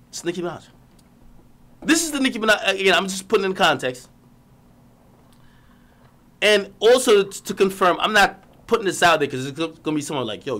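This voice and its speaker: A man's voice: high-pitched, pushed and bright. A man on a live stream, ranting animatedly, laughing often and swearing as he reads out messages.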